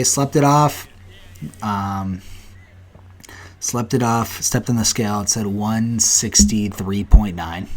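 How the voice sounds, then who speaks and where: Young male podcast host, lowish voice, blunt profane casual rant with animated asides. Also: slow pace, pauses often. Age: 20s.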